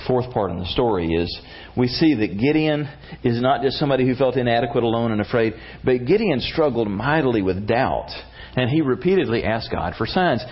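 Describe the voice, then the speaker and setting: A man preaching a sermon in a folksy, animated way, acting out the story as he goes. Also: medium pitch, brisk, slightly rough, muffled recording. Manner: folksy, animated, uses voices for characters. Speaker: pastor.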